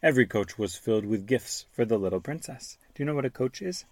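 A man hosting a show where he reads a storybook aloud to his young son and stops to explain words gently. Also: medium pitch, lively intonation, fast talker, no room sound. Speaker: father reading to his child, podcast host.

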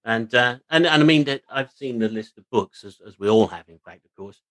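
A man's voice: mid-range voice, lively intonation, fairly quick, a bit bright, dry recording, poor audio. A man co-hosting a casual book chat, friendly and hesitant, with many ums and restarts. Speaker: podcast co-host.

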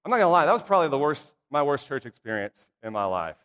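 A middle-aged preacher with a slightly high voice tells humorous church stories from the pulpit. His folksy, playful asides ring out through a long reverb of a church hall. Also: very animated, fast, fairly bright tone. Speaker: pastor or church minister. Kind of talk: casual storytelling sermon. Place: church sanctuary.

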